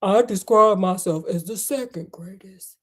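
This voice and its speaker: A woman putting on a deep, slow-crooning supercomputer. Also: lightly acted. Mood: grandly aloof. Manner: slow, low crooning delivery. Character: huge, calm, contemptuous supercomputer with a deep voice. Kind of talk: livestream read-aloud.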